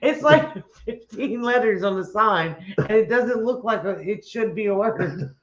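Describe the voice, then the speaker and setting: A man's voice: high voice, animated, measured pace. A man chatting casually as a co-host, joking and laughing easily. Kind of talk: casual chat. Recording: roomy, slightly dull recording.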